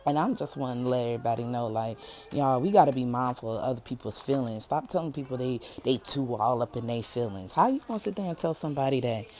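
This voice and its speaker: A woman with a strikingly deep, low voice talks straight to her listeners in a casual motivational monologue. She is candid and a little preachy, and she often repeats herself for emphasis. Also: mellow. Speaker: podcast host.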